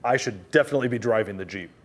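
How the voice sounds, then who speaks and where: Playful, lively-voiced TV weatherman. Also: mid-range voice, fast talker. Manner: playful, chatty, laughs often. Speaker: TV meteorologist co-host. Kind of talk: casual studio chat. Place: TV studio.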